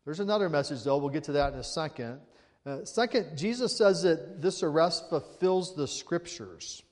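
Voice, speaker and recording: A man's voice: on the high side, animated, moderate pace, a little mellow, in a large hall. A male pastor preaching a sermon in a conversational way, reading scripture aloud and asking the congregation rhetorical questions.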